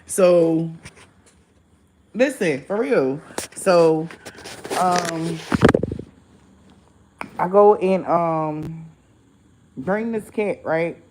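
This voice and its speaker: A woman's voice: lowish voice, drawn-out words, long pauses, a little hiss or hum, low-quality recording. A woman vlogger, telling a story casually to her viewers, acting out the voices in it and swearing freely. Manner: animated, acts out voices in quotes, swears freely.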